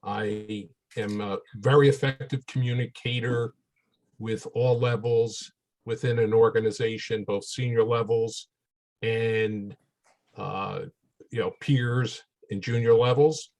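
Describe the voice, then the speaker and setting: A man on a video call answering a mock job interview question in a measured, deliberate way. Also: mid-range voice, steady tone, a little mellow, low-quality recording. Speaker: webinar participant in a mock interview.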